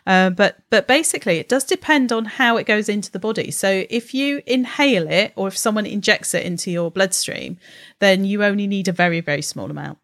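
A woman's voice: mid-range voice, fairly quick, a bit bright, dry recording, studio quality. A woman co-host and science communicator, chatting and explaining science in a friendly way with tag questions. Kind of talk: casual podcast chat.

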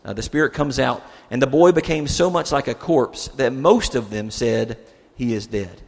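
A man's voice: medium pitch, expressive, moderate pace, gravelly, darkish tone. A male pastor giving a conversational sermon, putting rhetorical questions to his listeners. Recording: long hall reverb.

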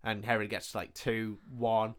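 A man co-hosting a podcast, retelling a film's plot in a casual, animated way, full of swearing and "like" fillers. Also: on the low side, a little slow. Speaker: podcast co-host. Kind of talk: casual film recap chat.

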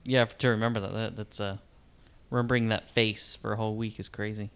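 Smooth-voiced man in casual podcast chat. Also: lowish voice, fairly even intonation, fast talker. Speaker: podcast co-host.

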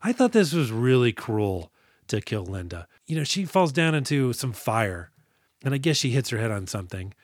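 A man's voice: mid-range voice, very animated, normal speed, no room sound. Dry-miked man recapping a movie. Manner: joking, acts out quotes. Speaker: podcast co-host. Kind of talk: casual movie-recap chat.

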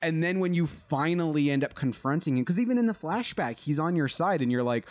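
A man in a casual podcast chat, talking in a relaxed, thoughtful way with plenty of fillers. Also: fairly high pitch, a little fast, hardly any pauses.

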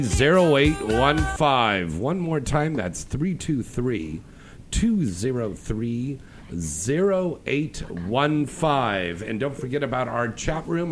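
A man hosting a radio talk show, loud and bantering as he takes calls. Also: medium pitch.

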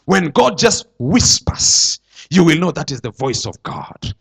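A man preaching a sermon to his church, swinging between loud declarations and hushed asides. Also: a little high, very animated, unhurried, gravelly, slightly rough. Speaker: pastor.

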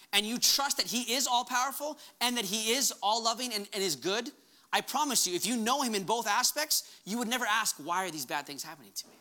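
Before his congregation in a church hall, a pastor with a very high-pitched, sharp voice preaches impassionedly. He raises his voice whenever he quotes commands.

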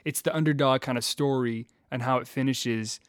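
A man hosting a casual sports podcast who tells stories in an animated way. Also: mid-range voice, moderate pace, dry recording, studio quality.

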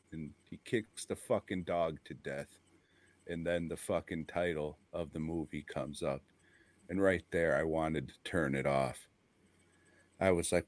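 A man's voice: low-pitched, fairly even intonation, unhurried, darkish tone, no echo. A man co-hosting a casual podcast who talks bluntly, swears constantly and laughs often. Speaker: podcast co-host.

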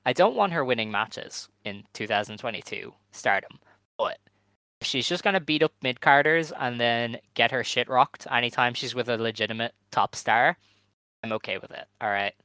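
A man's voice: mid-range voice, moderate pace, pushed and bright, smooth, dry recording. A man co-hosting a wrestling podcast, chatting casually and giving opinionated run-downs of results. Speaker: podcast co-host. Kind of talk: casual chat.

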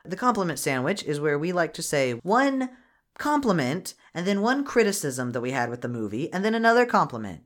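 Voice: mid-range voice, sing-song, brisk. A podcast host casually recapping a cartoon movie in a wry, sarcastic way.

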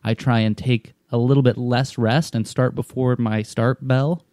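A man's voice: medium pitch, steady tone, moderate pace, mellow, no echo, clean studio sound. Rambling, foul-mouthed man telling a story. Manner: rambling and profane, with frequent restarts. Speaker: storyteller in a conversation. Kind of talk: casual chat.

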